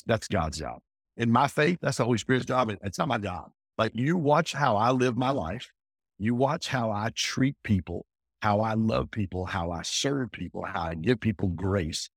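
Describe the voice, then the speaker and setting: A man talking as an entrepreneur guest in a casual interview, emphatic and energetic, often repeating himself. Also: on the low side, slightly rough, dry recording, clean studio sound.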